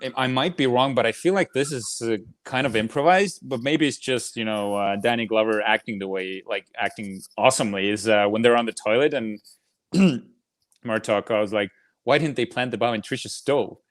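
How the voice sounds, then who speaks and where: A man co-hosting a casual movie podcast, talking in a relaxed, hesitant way with pauses and restarts. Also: lowish voice. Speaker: podcast co-host.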